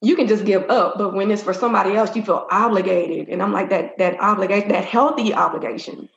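A woman's voice: mid-range voice, fairly even intonation, fast, creaky. A woman in an interview, speaking candidly and rambling through a personal story with lots of fillers. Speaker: interview guest. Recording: roomy, dull-sounding audio.

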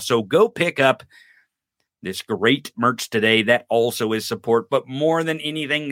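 A man's voice: medium pitch, expressive, measured pace, a bit bright, dry recording, clean studio sound. A man hosting a live political podcast in casual commentary, mocking and profane, often laughing. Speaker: podcast host. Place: live-streamed podcast set.

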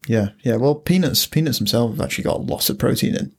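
A man's voice: medium pitch, lively intonation, fast, gravelly, breathy edge. A man co-hosting a casual podcast chat, laughing often and explaining facts. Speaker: podcast co-host.

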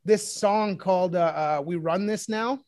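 A young man with a notably high voice talks as a rapper guest, excitable and teasing and full of swearing. The recording is close and dry. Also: a little slow, no echo. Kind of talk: casual chat.

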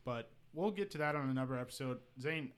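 A man's voice: mid-range voice, quick pace, clear, resonant tone. A man from Texas with a Texan accent, co-hosting a casual outdoors podcast and explaining things at length. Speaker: podcast co-host.

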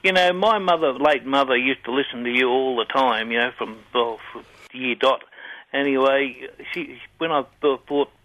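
A man's voice: medium pitch, moderate pace, sharp tone, rough recording. A man calling a radio show, reminiscing in a chatty, rambling way. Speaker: caller.

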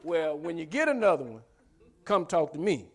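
High-voiced preacher firing rhetorical questions. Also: male voice, sing-song, normal speed, husky. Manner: emphatic, builds with repeated rhetorical questions; humorous asides, laughs often. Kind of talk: sermon.

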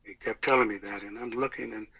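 Man earnestly retelling a story, bright voice. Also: fairly low pitch, steady tone, creaky, slightly rough, poor audio. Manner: earnest, halting retelling with restarts and quoted dialogue. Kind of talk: personal testimony storytelling.

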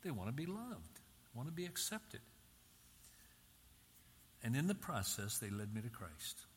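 A man's voice: mid-range voice, sing-song, measured pace, a little hiss or hum. An older man from Michigan giving an emphatic sermon-style talk, repeating key phrases with rising intensity. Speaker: Christian speaker. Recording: reverberant hall, faint ambience.

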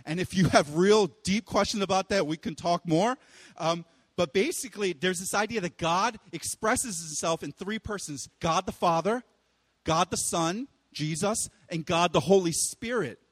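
A young man preaching a casual, animated sermon, with playful asides and loud exclaiming bursts. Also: high voice, moderate pace, dry recording, big-room sound. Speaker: pastor.

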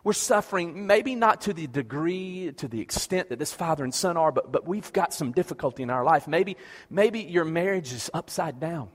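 Guy preaching, all fired up, kinda high voice, long echo in a big church. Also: lively intonation, moderate pace. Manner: impassioned, repetitive questions, stammering restarts. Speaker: pastor. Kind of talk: sermon.

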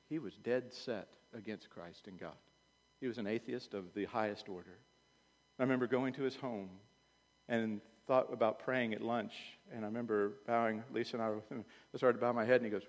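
Preaching man in a reverberant church. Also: medium pitch. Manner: animated preaching, swings from loud urging to quiet. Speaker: pastor. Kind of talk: sermon. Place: church sanctuary. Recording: long hall reverb.

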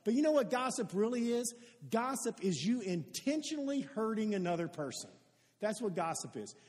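A man's voice: high voice, darkish tone. A man preaching a sermon as pastor, earnest and conversational, often restarting his sentences. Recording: long hall reverb.

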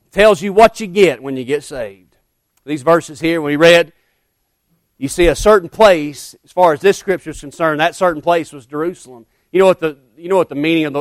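Pastor preaching, big then hushed, lots of amens, dry close sound. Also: male voice, medium pitch, dry recording. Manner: repetitive, emphatic, punctuated with "Amen", swings from loud to hushed. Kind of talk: sermon.

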